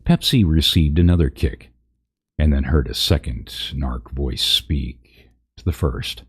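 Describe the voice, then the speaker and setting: A man's voice: very deep voice, a little slow, slightly rough. A man reading a parody fantasy story aloud on a live stream, chatting with viewers and laughing at his own slips.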